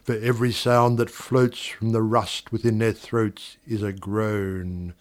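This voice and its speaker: A man recites verse in a slow, deliberate cadence, letting repeated words swell and fall. His voice is smooth and resonant, with a theatrical, dramatic delivery. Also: fairly low pitch, flat delivery. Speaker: poetry reader.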